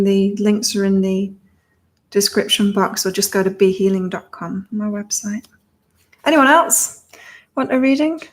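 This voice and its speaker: Woman with a half-British, half-Australian accent. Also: medium pitch. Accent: mix of British and Australian. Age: 50s. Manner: chatty, reading viewer comments aloud. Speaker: psychic reader hosting a live stream. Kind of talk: live-stream chat with tarot readings. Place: home in southern Thailand.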